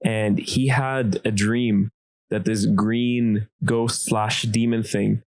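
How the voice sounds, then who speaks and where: A man co-hosting a podcast, telling a childhood story in a casual, animated way with lots of fillers. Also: on the low side, slow, no room sound. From Dubai. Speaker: podcast co-host.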